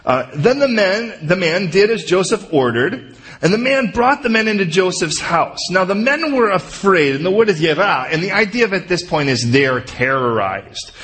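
A man preaching through a scripture passage with lively energy, reading verses and then slipping into quick playful voices for the characters. His delivery is casual and conversational, like a teacher in the pulpit. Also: high-pitched. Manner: animated, acts out the story characters' lines. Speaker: pastor. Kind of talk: verse-by-verse sermon.

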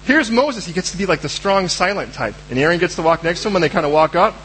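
Animated high-voiced male preacher. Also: quick pace, slightly rough, rough recording. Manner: animated, acts out voices of Bible figures. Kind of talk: sermon.

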